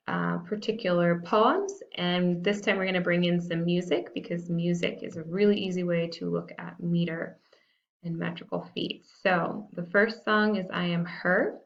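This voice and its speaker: A woman teacher explains a lesson in a casual, self-deprecating manner, her low voice gravelly with fry. The sound is dull and lo-fi, like a computer mic on a screen recording. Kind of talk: recorded classroom lesson walkthrough.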